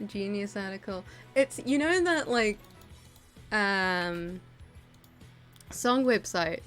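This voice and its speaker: A woman's voice: medium pitch, expressive, slow pace, fairly bright tone, faint music behind. A young woman chatting casually during a group art session, giggling often and mocking herself as she trails off mid-thought. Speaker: group art stream participant. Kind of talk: casual chat.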